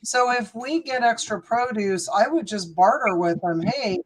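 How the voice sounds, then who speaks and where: A woman's voice: fairly high pitch, a little slow, noisy background. A woman in a casual panel chat, talking chattily with frequent hesitant fillers.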